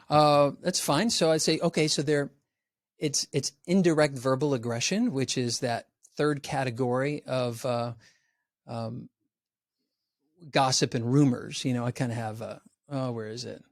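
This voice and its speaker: A man's voice: medium pitch, steady tone, a little slow, no room sound, clean studio sound. A man giving a podcast interview as a resilience educator, talking with energy and acting out the voices of the people he quotes. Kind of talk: animated podcast talk.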